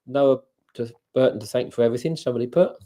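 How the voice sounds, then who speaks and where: A man co-hosting a casual livestream chat, enthusiastic and quick with short words of praise. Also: medium pitch, dark tone. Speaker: arm wrestling promoter and co-host.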